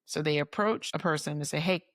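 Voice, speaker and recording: A woman co-hosting a podcast, chatting and telling a story in an animated way with frequent laughs. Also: on the low side, no room sound, studio quality. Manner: animated, laughing, jumps in with quick asides. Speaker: podcast co-host. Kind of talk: casual chat and storytelling.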